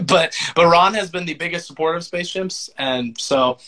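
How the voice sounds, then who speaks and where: A man's voice: on the high side, normal speed, sharp tone. A man, a voice actor and musician, talking in a laid-back, self-deprecating way with lots of fillers in a casual interview.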